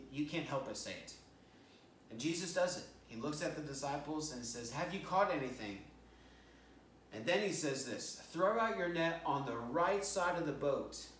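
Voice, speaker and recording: A man's voice: mid-range voice, fairly bright tone, a little hiss or hum. A male pastor preaching a sermon, telling a story and acting out quoted lines with restarts. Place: church sanctuary. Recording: roomy church sound from a distant mic.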